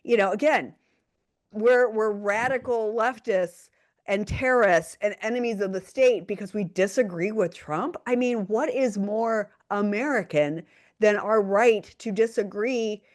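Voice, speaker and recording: Emphatic woman podcast co-host. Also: medium pitch. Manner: animated, emphatic, quick to laugh. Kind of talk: casual political chat.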